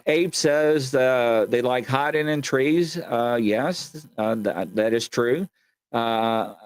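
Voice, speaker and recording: A man hosting a live show, telling a strange tale in a casual, animated way with lots of fillers and acted-out voices. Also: medium pitch. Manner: animated storyteller, acts out quoted voices, many fillers. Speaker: show host. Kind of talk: casual live-stream storytelling.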